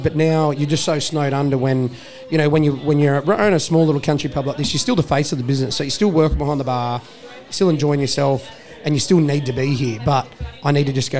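A man's voice: a little high, a little mellow. Jokey Australian man in a pub. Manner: jokey, self-mocking, laughs often. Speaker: country pub owner. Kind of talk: casual interview chat. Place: country pub.

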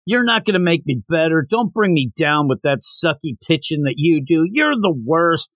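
Man putting on a boastful high-school bully slugger, barking and indignant. His voice sits a little high, with a dry, close sound. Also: very animated, moderate pace, a bit bright, no echo. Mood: bossy. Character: arrogant teenage boy home run hitter.

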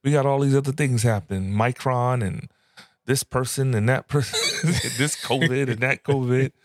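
A man's voice: mid-range voice, steady tone, moderate pace, dry recording, studio quality. A man co-hosting a casual podcast, joking around and laughing often. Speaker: podcast co-host.

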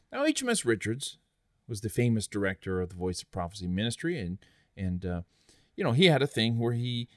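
Lively earnest man hosting a history podcast. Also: lowish voice, no room sound, clean studio sound. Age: adult, after college. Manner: lively, earnest, chatty asides. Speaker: podcast host. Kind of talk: conversational history narration.

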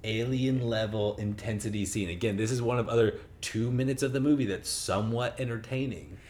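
A man's voice: fairly low pitch, a little fast, darkish tone. Brief: male podcast guest, sarcastic, poking holes in a movie. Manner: incredulous, mocking complaints. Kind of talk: casual movie discussion.

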